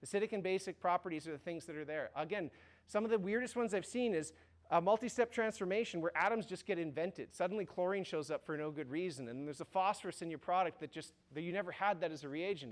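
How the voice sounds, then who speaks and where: Male chemistry lecturer, high voice, informal joking delivery, lecture hall. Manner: informal, joking, frequent restarts and "right?". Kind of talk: classroom lecture.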